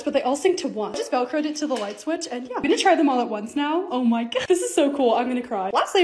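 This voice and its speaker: A woman's voice: sits high, darkish tone, a little hiss or hum. A young woman narrating her lifestyle vlog in a casual, bubbly, gushing way. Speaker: lifestyle vlogger.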